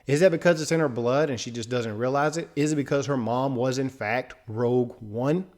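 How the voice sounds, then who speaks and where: A man hosting a casual commentary video, talking loosely and conversationally with frequent filler asides. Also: mid-range voice. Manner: loose and conversational, fills with "right?" and "you know". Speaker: host. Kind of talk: casual commentary on a film trailer.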